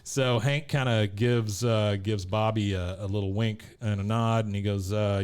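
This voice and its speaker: A man's voice: fairly low pitch, fairly even intonation, a little slow, few pauses, a little mellow, smooth. A man co-hosting a podcast, casually recapping an episode scene by scene and laughing at the characters. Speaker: podcast co-host.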